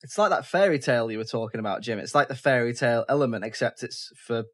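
A man's voice: mid-range voice, lively intonation, fast talker. A man leads a casual film chat in an ordinary mid-range voice. He talks in a loose, rambling way, stopping and restarting his sentences as he gathers his thoughts. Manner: chatty, self-interrupting, with frequent restarts. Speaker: podcast host.

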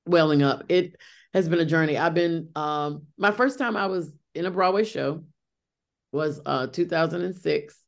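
Speaking at a normal speed with vocal fry, this middle-aged woman has a deep voice. She's a Broadway actress being interviewed, chatty and prone to restarts and fillers.

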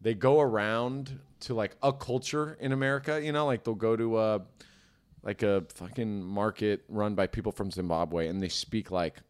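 A man's voice: lowish voice, moderate pace, smooth. A man co-hosting a comedy podcast, rambling in casual banter and filling his talk with "like" and "you know". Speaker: podcast co-host.

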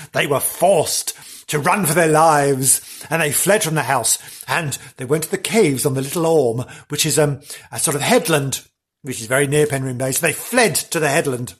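Brief: man hosting a comedy history podcast, husky voice, lively rise and fall, gossipy and theatrical. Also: a little high. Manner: theatrical, gossipy, mock-dramatic. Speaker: podcast host. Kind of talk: comic storytelling.

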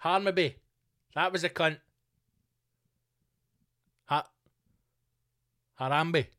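A man hosting a podcast, telling stories in a profane, animated comic rant full of mock outrage. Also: on the high side, drawn-out words. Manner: swears constantly, mock outrage. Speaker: podcast host. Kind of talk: comedic rant.

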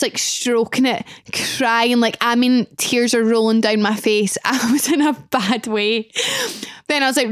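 Scottish girl podcasting, dramatic storytelling, kinda high voice, dry sound. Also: clean tone, no echo. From Scotland. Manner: animated, dramatic retelling with acted-out dialogue. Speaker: podcast host. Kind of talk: casual storytelling.

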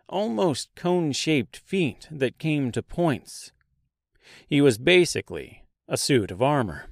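Slow, deliberate male storyteller. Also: medium pitch, no echo, studio quality. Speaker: audiobook narrator. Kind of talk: scripted audiobook narration.

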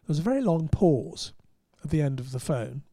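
English man, journalist, wry rambling anecdotes, slightly high, mellow tone. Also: big pitch swings, a little fast, vocal fry, dry recording, studio quality. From England. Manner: wry, rambling storyteller with restarts. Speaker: motorsport journalist. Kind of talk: casual anecdote on a podcast.

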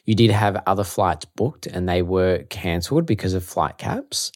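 A man co-hosting a podcast, asking questions in a relaxed, casual way. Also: low-pitched, normal speed, dry recording, studio quality. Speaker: podcast co-host.

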